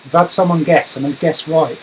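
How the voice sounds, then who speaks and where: A man's voice: a little high, fairly even intonation, brisk, a little hiss or hum, low-quality recording. A British man hosting a casual online show, chatty and full of fillers. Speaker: host. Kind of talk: casual chat.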